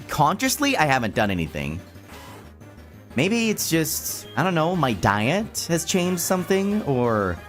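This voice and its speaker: A man chatting casually on a home stream, his pitch jumping around as he talks. He reads chat out loud and laughs often. Faint background music plays under his voice. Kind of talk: casual chat while gaming.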